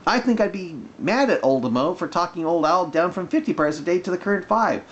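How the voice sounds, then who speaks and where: A man's voice: sits high, expressive, fairly quick, hardly any pauses. Sarcastic, rambling man on a lo-fi vlog. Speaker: video blogger. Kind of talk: casual commentary vlog.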